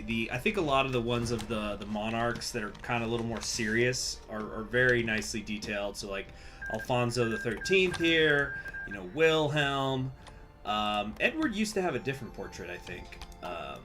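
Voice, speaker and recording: Chatty, rambling male game streamer. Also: mid-range voice. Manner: rambling, chatty, many fillers and restarts. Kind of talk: casual gameplay commentary.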